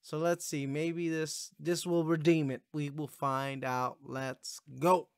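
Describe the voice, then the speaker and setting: A man's voice: on the high side, little pitch movement, slow, smooth, no echo, clean studio sound. Laid-back swearing man reacting to music. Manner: laid-back, rambling, swears often, yawning. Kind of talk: casual reaction commentary. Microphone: gaming headphones setup.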